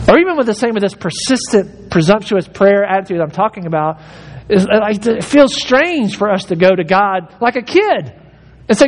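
A man's voice: lively intonation, moderate pace. A pastor preaching an emphatic sermon, urging his listeners and acting out the prayers he quotes. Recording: hall reverb with faint rumble.

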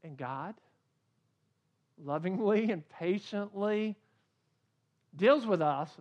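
A man preaching a sermon as a pastor, swinging between loud emphasis and quiet asides. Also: high-pitched, expressive, slow pace, long pauses, dull audio.

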